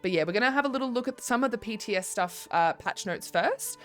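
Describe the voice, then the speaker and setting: A woman's voice: fairly high pitch, lively intonation, quick pace. A young woman game streamer chatting casually and rambling to her viewers, with plenty of ums. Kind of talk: casual live-stream chat. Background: faint background music.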